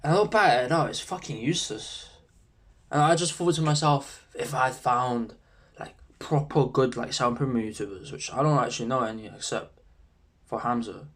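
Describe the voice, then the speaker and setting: A man's voice: mid-range voice, moderate pace, fairly bright tone. A young man, rambling casually in a self-improvement vlog, full of slang and swearing. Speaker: YouTuber.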